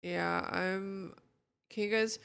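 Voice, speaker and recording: A young woman chats with her stream audience from home, greeting people one after another. Her sleepy morning voice carries a gravelly fry, and she speaks at an unhurried, slow pace. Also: mid-range voice. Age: young adult. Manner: greets chat viewers one by one, relaxed and chatty. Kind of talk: casual chat.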